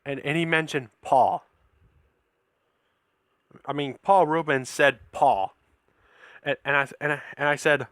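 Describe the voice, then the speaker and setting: Male storyteller, slightly high and very bright, slow and stumbling, rambles with restarts, dry close sound. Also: steady tone, dry recording. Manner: rambling, with many restarts and repeated words. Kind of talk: casual spoken fan-fiction story.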